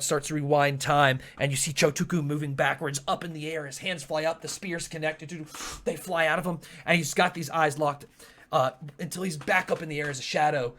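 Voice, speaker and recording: Animated male game master narrating. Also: fairly high pitch. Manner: vivid, animated storytelling.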